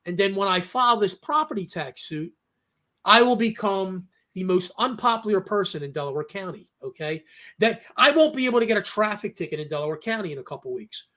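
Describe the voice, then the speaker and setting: A man with a notably high voice hosts a casual talk discussion. He talks emphatically, drives each point home with a quick "okay?", and acts out the voices of people in his stories. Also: lively intonation, pushed and bright. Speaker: host.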